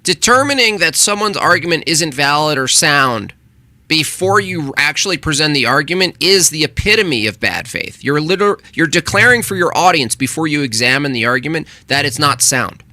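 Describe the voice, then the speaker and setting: A man's voice: a little high, lively intonation, moderate pace, sharp tone, no room sound. A male host giving heated, casual reaction commentary, combative and swearing in exasperation. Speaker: channel host reacting to a video.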